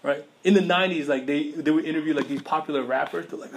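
A man's voice: on the high side, fairly even intonation, fast, hardly any pauses, slight background noise. A man preaching a sermon in a casual, conversational way, with slang and rhetorical questions to the listeners.

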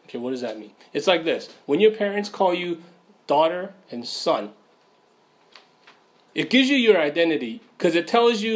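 A man's voice: fairly high pitch, lively intonation, moderate pace. A man giving an informal sermon, with many fillers and frequent "right?" checks. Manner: casual, many fillers, asks "right?" often.

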